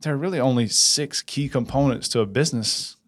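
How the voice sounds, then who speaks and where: A man chats as an interview guest, energetic and conversational. He keeps asking for agreement as he talks. His voice sits in the middle of the male range. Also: medium pitch, fairly quick. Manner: energetic, asks for agreement with frequent "right?". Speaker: business implementer, guest. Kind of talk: casual interview chat.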